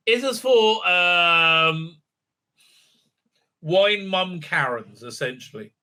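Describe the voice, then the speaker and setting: Man, very bright tone, somewhat high voice, sarcastic, rambling review chat, lots of fillers. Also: expressive, extremely slow, pauses often, clear, resonant tone. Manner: digressive, sarcastic, many filler sounds. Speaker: YouTube reviewer. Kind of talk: rambling casual recap and review.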